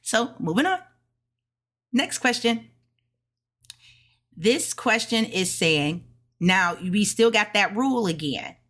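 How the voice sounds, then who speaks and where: A woman casually explaining her study notes, sounding out words slowly and correcting herself. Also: medium pitch, animated, a bit bright. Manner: thinks aloud, self-correcting, sounds out tones slowly. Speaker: language learner sharing study notes. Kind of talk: casual study vlog lesson.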